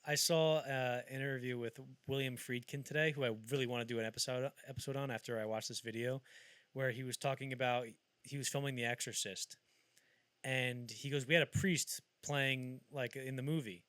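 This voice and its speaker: Brisk and clear, with a resonant mid-range tone and no echo, a podcast host chats about film history. He brings his stories to life by acting out the quotes.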